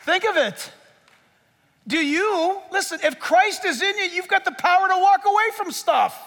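A man preaching a sermon as a pastor, in an animated, joking way that speaks straight to the crowd. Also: very high-pitched, normal speed. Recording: long hall reverb.

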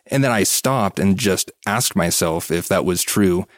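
Deep-voiced man with wry humor. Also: measured pace, dry recording. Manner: easygoing storyteller, wry humor. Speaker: podcast co-host. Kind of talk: casual chat.

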